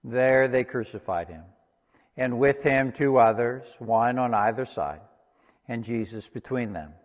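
A man giving a steady, unhurried scripture reading. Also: medium pitch. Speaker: scripture reader. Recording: long reverb, dull lo-fi sound.

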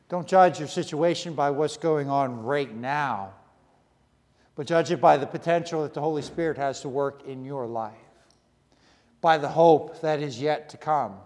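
A man preaching a sermon in earnest, short repeated phrases with pauses. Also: mid-range voice, a little mellow, in a large hall. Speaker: pastor.

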